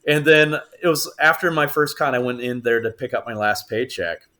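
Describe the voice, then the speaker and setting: A man chatting as a podcast guest, steady in pitch and right in the middle range for a male voice. He tells stories with animation and acts out quoted lines in borrowed voices. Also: normal speed. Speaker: actor guest. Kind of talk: casual podcast chat.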